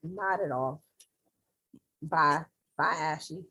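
A woman's voice: sits low, takes it slowly, sharp tone, slightly rough, low-quality recording. A woman recapping a TV episode in casual chat, emphatic and enthusiastic, often repeating words.

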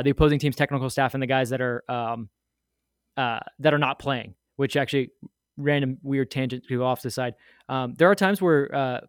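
A man casually telling an animated, rambling story full of asides, as a guest on a podcast. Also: medium pitch, clear, resonant tone, no room sound, studio quality. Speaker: guest sharing a fan memory.

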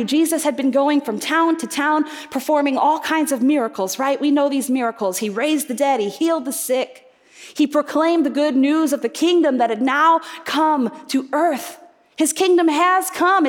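A woman's voice: sits high, moderate pace. A woman preaching a sermon, earnest and reflective, posing rhetorical questions to her congregation. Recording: reverberant hall.

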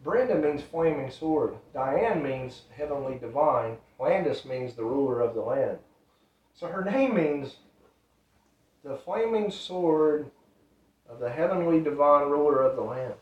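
A man's voice: on the high side, lively intonation, a little slow. Man telling an earnest story from afar. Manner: earnest, repetitive, loose grammar. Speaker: ministry storyteller. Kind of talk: casual spoken testimony. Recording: roomy, distant, dull sound.

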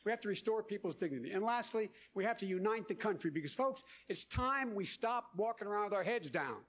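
A man giving a forceful political speech in a raised, declaiming voice. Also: high-pitched, animated, brisk.

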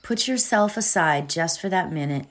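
A woman's voice: on the low side, lively intonation, moderate pace. A woman giving an earnest, emotional talk before a guided meditation, often asking "right?".

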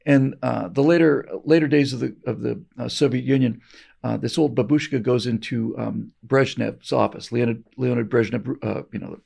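A man's voice: medium pitch, fairly even intonation, normal speed, vocal fry, darkish tone, slightly rough. A man hosting a show, giving emphatic political commentary and often repeating words as he restarts. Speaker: show host.

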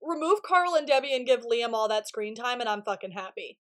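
A woman with a high, light voice co-hosting a podcast about a TV series. She talks in a loose, animated way, swears often, and jumps into quick impressions of the characters she is discussing. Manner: animated, swears freely, acts out quotes. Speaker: podcast co-host. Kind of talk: casual chat.

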